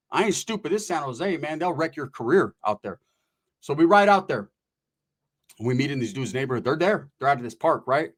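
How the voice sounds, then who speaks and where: A man telling a long story in casual, profane street slang. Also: medium pitch. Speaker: podcast storyteller.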